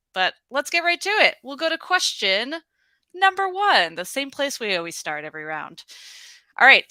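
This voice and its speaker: A woman with a bright, forward voice hosts a virtual trivia night. She is upbeat and chatty, laughs often and fills her pauses. The sound is dry and close. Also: medium pitch, dry recording. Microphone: video call.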